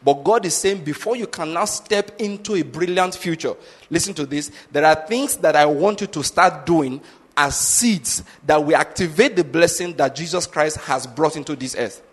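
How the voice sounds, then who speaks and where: A man's voice: on the high side, normal speed, slightly rough, in a large hall. A man preaching a sermon as pastor, emphatic and repeatedly checking that listeners follow his point.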